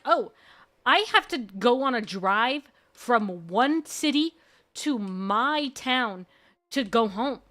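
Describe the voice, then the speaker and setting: A woman streamer chatting casually, gushing and rambling excitably. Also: sits high. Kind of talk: casual live-stream chat. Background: faint background music.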